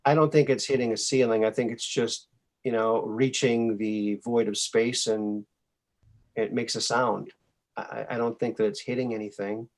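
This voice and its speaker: Male host, middle-aged, folksy call-in chat, average pitch, corny humor. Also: steady tone, moderate pace. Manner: folksy, tells dad jokes.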